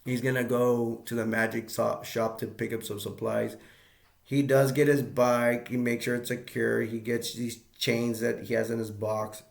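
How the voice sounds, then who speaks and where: Man, gravelly voice, casual movie review, rambling, many fillers. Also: mid-range voice, flat delivery, moderate pace, echoey room.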